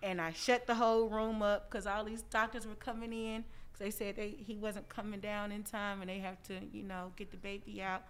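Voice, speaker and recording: A woman tells her stories with energy, jumping into voices for the people she quotes and laughing along the way. Her voice is smooth and clear, and she talks easily as a podcast guest. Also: medium pitch, a little fast, few pauses. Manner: lively, acts out quotes, laughs often. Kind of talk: animated storytelling in casual chat.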